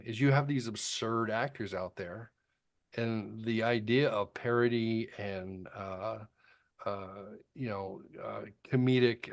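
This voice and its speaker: A middle-aged man with a fairly low voice, talking through a long story in a relaxed podcast chat. He rambles, restarts and fills pauses with ums and uhs, and he swears bluntly and casually. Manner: rambling storytelling with frequent fillers. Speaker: podcast co-host.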